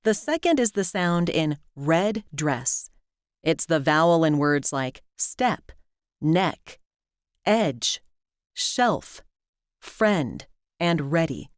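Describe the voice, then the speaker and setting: American woman, pronunciation teacher, slow careful delivery, lively lilting pitch, dry close sound. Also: dry recording. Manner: clear, careful enunciation of example words. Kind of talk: scripted instructional narration.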